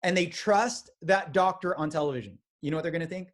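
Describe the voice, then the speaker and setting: A man giving a motivational sales training talk, energetic and acting out quoted conversations. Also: fairly high pitch, fast. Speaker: business trainer.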